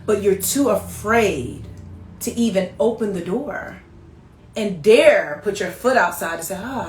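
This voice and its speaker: A woman at a medium pitch gives a motivational talk on a live stream. She speaks emphatically and turns straight to her viewers. The room has a roomy echo around her voice. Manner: animated, emphatic, addresses viewers directly. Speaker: life coach hosting a weekly live stream.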